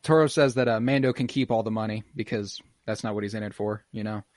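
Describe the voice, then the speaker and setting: A man's voice: lowish voice, fairly even intonation, fast, darkish tone, no room sound, studio quality. A man hosting a casual podcast, recapping an episode in a loose, profane, laughing way. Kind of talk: casual chat.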